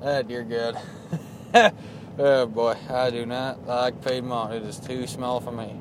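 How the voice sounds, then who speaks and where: A young man hosting a casual sports podcast, chatty and joking, with animated rants. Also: medium pitch, takes it slowly, slight background noise. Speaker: podcast host.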